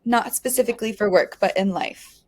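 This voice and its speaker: A woman's voice: mid-range voice, normal speed, darkish tone. A woman co-hosting a podcast, asking questions in a friendly, upbeat way and laughing now and then. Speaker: podcast co-host. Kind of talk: casual interview.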